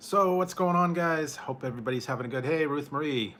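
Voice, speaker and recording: A man's voice: on the high side, fast, a bit bright, a little hiss or hum. A man hosting a casual food-review livestream, chatting with viewers, laughing often and greeting people by name. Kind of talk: casual live chat with viewers.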